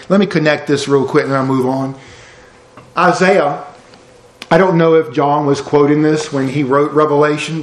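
Pastor guy preaching, kinda high voice, earnest, goes quiet and soft a lot, roomy echo. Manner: earnest, rises for emphasis then drops low and soft. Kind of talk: sermon.

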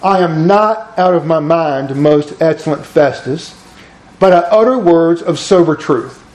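A man's voice: fairly high pitch, unhurried, darkish tone, reverberant, lightly acted, low-quality recording. A man voicing an earnest, pleading apostle.

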